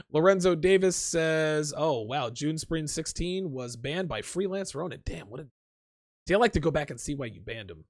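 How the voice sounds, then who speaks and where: A fairly high-voiced man hosts a livestream in a crude, profane, blunt manner. He reads viewer comments aloud and shoots back his reactions. His voice is dry and close, with no room sound. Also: animated, normal speed, no room sound. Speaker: podcast host. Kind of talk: casual livestream chat.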